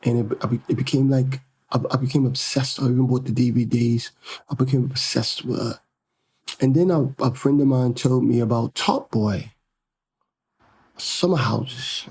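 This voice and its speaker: New guy podcasting, gravelly and husky, rambles all over, talks over himself. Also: mid-range voice, unhurried, a little mellow. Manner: rambling, self-interrupting, chatty. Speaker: podcast host. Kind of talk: casual podcast storytelling.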